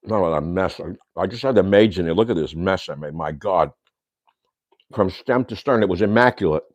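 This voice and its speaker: An older man with a very deep, low voice hosts a casual livestream from his home kitchen. He rambles and rants, throwing insults and Yiddish slang. The sound is dry and close, with no room echo. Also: fairly quick, dull audio. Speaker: host.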